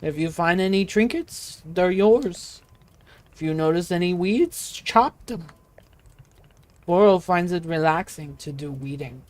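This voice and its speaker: A woman voicing a big, gentle male tea shop keeper in a game, using a put-on foreign accent and formal, broken phrasing. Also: on the low side, animated, unhurried. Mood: welcoming.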